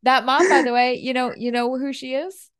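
A woman's voice: high-pitched, clear, resonant tone, no echo, studio quality. Giggly woman in casual movie chat. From United States. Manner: giggly, chatty, quick to agree. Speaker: podcast co-host.

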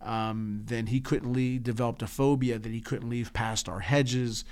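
A man co-hosting a casual chat podcast, telling a heartfelt family story with halting restarts and an emotional edge. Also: mid-range voice, steady tone, darkish tone. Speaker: podcast co-host.

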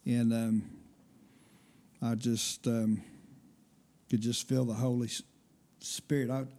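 A man sharing a personal healing testimony as a guest, speaking in a halting, casual way. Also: mid-range voice, level tone, mellow. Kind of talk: casual storytelling.

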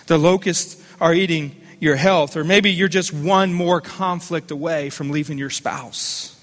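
High, bright-voiced fervent preacher. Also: male voice, fairly even intonation, unhurried, few pauses, long reverb tail. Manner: fervent preaching with call-and-response. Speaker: pastor. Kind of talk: sermon.

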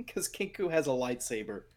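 A woman playing a tabletop game, playful and excitable. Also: rumbling low, normal speed, no room sound, clean studio sound. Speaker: player. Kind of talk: casual tabletop game play.

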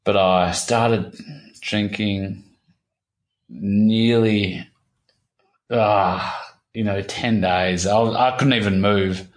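A man in his thirties talking candidly as an interview guest, halting and repeating himself, swearing casually. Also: fairly low pitch, steady tone. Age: 30s. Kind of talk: candid personal conversation.

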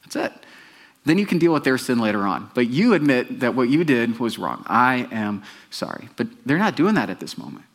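A man's voice: medium pitch, sing-song, a little fast. A male pastor giving a conversational sermon, often putting questions to the congregation.

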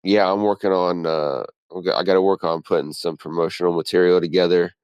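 A man's voice: sits low, steady tone, fairly quick, darkish tone, clean tone, no echo, highs cut off. A man chatting casually on a podcast, laid-back and rambling, swearing freely as he talks about his work. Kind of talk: casual chat.

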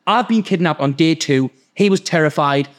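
A man with a Geordie accent, hosting a podcast and telling a story in a sweary, animated way. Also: on the high side, normal speed. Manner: sweary, animated, acts out the people in his stories. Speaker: podcast host. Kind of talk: casual storytelling.

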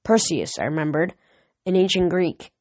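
A woman's voice: lowish voice, lively intonation, normal speed, darkish tone, no echo, close to an everyday voice. A woman doing an earnest young mortal girl with visions. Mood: earnest apologetic. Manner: earnest and apologetic.

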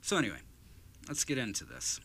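Bright-voiced male podcast host. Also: mid-range voice, huge pitch swings, a little fast, slight background noise. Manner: fervent, speechifying; blunt, profane. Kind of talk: casual chat then an impassioned speech.

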